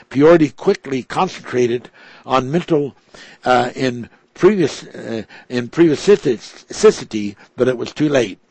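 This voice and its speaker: A man telling a religious story slowly and hesitantly, with frequent restarts and stumbles over words. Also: medium pitch, a little mellow, slightly rough, dry recording. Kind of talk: slow reading of a story with commentary.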